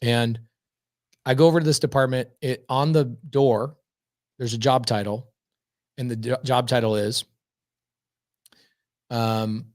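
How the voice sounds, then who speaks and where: Man, podcast guest, casual storytelling, energetic, emphatic, repeats words. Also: mid-range voice, measured pace, pauses often, no echo, studio quality.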